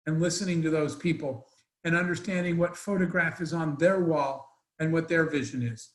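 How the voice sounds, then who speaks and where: A man's voice: on the high side, fairly even intonation, brisk, echoey room, poor audio. A man telling an emotional story as a guest speaker in an online Q&A, earnest and rambling with restarts, over a video call.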